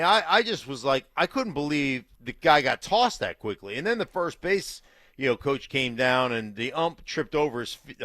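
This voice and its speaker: A man's voice: on the high side, fairly bright tone, no room sound, studio quality. A man co-hosting sports radio, telling a ballgame story in a casual, rambling way. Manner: rambling storyteller, many fillers, "like" and restarts.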